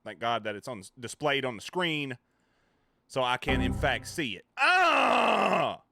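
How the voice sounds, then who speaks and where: A man's voice: mid-range voice, normal speed, background noise. A man chatting casually with his viewers on a live stream, joking, rambling and swearing freely.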